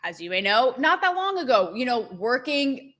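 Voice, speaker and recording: A woman hosts her own show and talks off the cuff, swearing freely and poking fun at herself as she rambles. Her voice sits a little high and rings bright and forceful. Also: moderate pace. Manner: profane, animated, rambling and self-mocking. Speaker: show host. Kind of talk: candid livestream monologue.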